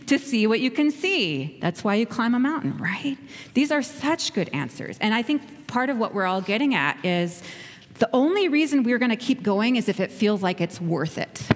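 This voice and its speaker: A woman leading a playful, encouraging children's talk in a church, asking the kids questions. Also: fairly high pitch. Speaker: children's message leader. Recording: echoey hall.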